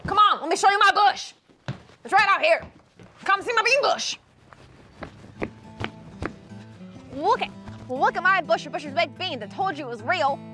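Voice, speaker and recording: A woman's voice: extremely high pitch, expressive, a little fast, music in the background. A woman playing a brash, indignant older lady who claims she founded a bean company, in a comedy sketch. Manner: loud, brassy, indignant, drawling.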